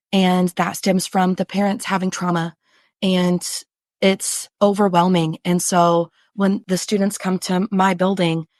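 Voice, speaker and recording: A woman's voice: on the low side, no room sound. A woman who teaches special education, talking earnestly and chattily as a podcast guest and acting out what parents and students say. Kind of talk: casual conversational interview.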